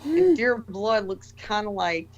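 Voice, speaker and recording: A woman's voice: mid-range voice, big pitch swings, measured pace. Rambling, blunt woman caller who swears. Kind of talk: casual phone-in chat.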